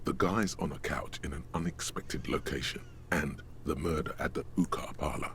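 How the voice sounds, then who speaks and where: A man voicing a game's narrating inner voice, gravelly and measured with a literary way of speaking. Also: rumbling low, a bit bright, a little hiss or hum. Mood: wry. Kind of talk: game narration.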